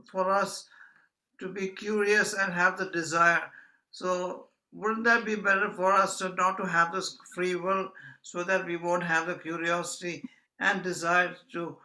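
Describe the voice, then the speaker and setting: Man, audience question, earnest, high pitch, bright tone. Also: poor audio.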